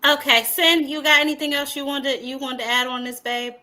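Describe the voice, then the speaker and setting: A woman's voice: high voice, little pitch movement, a little fast, pushed and bright, a little hiss or hum. A woman hosting a casual panel chat, bossy and teasing with her panelists. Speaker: panel show host.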